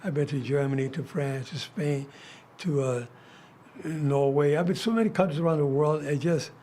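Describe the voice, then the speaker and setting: Fairly high in pitch and warm, the voice belongs to an older American talk show host speaking at a moderate pace. A little hiss or hum sits under his casual storytelling, which is packed with fillers and restarts.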